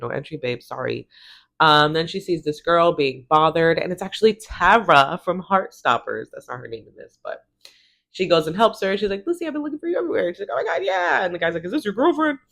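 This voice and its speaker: A woman's voice: low voice, lively intonation, brisk, fairly bright tone. A woman in her thirties giving a casual, chatty TV recap, swearing freely and acting out the characters' lines. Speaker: show recap vlogger.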